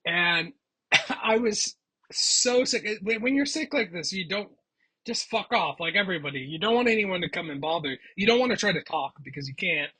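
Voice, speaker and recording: A man's voice: high voice, expressive, brisk, sharp tone, husky, poor audio. A man vlogger telling a personal story in a chatty, rambling way with frequent restarts. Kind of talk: casual storytelling.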